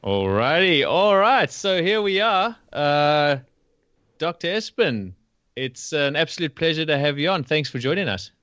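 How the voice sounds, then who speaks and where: A man hosting a podcast interview, talking in a friendly, halting way with many fillers. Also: fairly high pitch, sing-song, fairly bright tone, dry recording, lo-fi sound. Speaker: podcast host. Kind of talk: casual interview. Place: Gold Coast, Australia.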